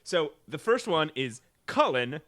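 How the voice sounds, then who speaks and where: A man co-hosting a comedy podcast, talking in an animated, rambling way and laughing often. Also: on the high side, measured pace, dry recording. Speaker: podcast co-host.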